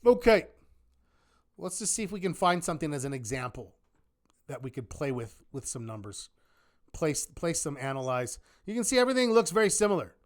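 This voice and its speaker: A man teaching a live online trading class in a lively manner, often asking rhetorical questions. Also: on the high side, fairly quick. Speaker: trading instructor.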